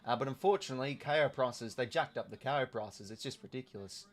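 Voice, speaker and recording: A young Australian man hosts a casual live watch-along, talking through the game and reading out viewers' comments. He speaks fast at a medium pitch, chatty and full of filler.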